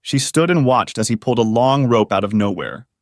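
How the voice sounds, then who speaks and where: Guy reading a story out loud, lively voice, no room echo. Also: mid-range voice, brisk, clean studio sound. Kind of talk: scripted narration.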